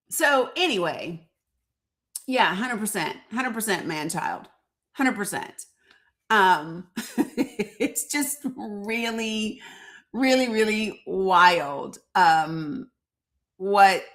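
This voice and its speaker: Her voice sits at medium pitch with a bit of brightness as this middle-aged woman welcomes her live stream audience. The casual political commentary comes out blunt and sarcastic, with plenty of swearing.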